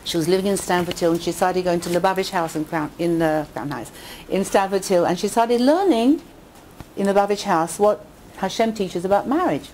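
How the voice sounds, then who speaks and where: A woman giving an inspirational talk with jokes and stories to a women's audience, her pitch rising on quotes and punchlines. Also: brisk, a little hiss or hum. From England. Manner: lively storyteller who rises in pitch on quotes and punchlines. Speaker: speaker addressing a women's audience. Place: community hall with a live audience.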